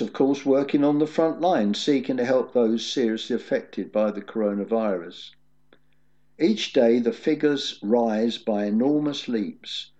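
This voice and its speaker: A preacher delivers a sermon slowly and steadily, his voice dark and mellow. His pitch moves in a lively way as he tells a story. The recording is dull and lo-fi.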